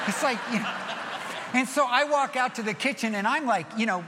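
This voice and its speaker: A middle-aged man preaching a sermon as pastor, telling stories in an animated way that swings from soft to loud. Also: sits high, moderate pace, big-room sound, noisy background.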